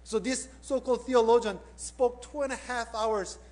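A male pastor preaching a sermon. He tells a story and puts direct questions to his listeners, swinging between emphatic peaks and hushed appeals. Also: very high voice, fairly even intonation, moderate pace.

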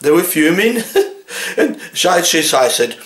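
A man's voice: a little high, very animated, unhurried, fairly bright tone, echoey room. A man in his sixties with a Birmingham accent, playing a chatty, jolly butcher who tells rambling comic anecdotes with frequent chuckles. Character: chatty older male butcher, jolly and exasperated. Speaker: comedy butcher character.

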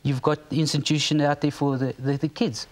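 A man's voice: fairly high pitch, flat delivery, a little fast. A man from South Africa speaking as a talk show guest, emphatic and fervent, repeating words as he gets worked up. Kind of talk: impassioned studio talk.

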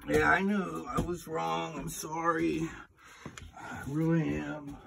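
A man's voice: fairly high pitch, little pitch movement, takes it slowly, creaky, distant mic, over a noisy crowd. A man arguing back in a defensive, apologetic way. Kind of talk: heated argument.

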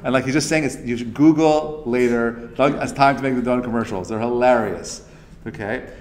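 A man's voice: medium pitch, fairly quick, a little mellow. A man giving a casual, interactive class. He talks loosely, with many fillers and restarts, and acts out the quotes he tells. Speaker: Torah class teacher.

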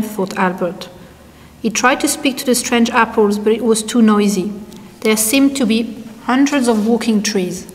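A woman's voice: fairly high pitch, measured pace. Woman reading a children's story in a reverberant hall. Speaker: reader. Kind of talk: storybook narration.

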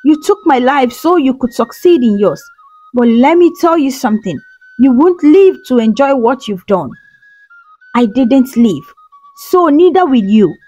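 A vengeful young ghost girl, grieving yet hard, speaking low and sharp, as a woman storyteller puts her on. Her voice sits fairly high and moves a lot. Soft music plays underneath. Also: animated, measured pace. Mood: menacing.

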